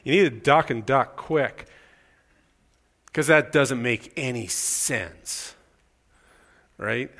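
This is a sermon with storytelling from a middle-aged man from Canada, who talks casually, pokes fun at himself, and performs the voices in his tales. He speaks slowly in a mid-range, somewhat bright voice, pausing often.

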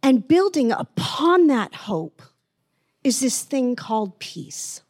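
A woman preaching gently in an online sermon, slowing down to stress words and dropping almost to a whisper. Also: high voice, big pitch swings, dry recording, studio quality. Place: online church service.

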